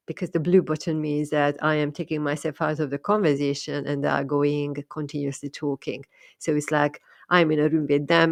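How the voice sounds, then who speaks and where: A woman's voice: low-pitched, no echo, clean studio sound. A woman talking thoughtfully about her experiences as a medium, often repeating and restarting words. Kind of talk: casual monologue.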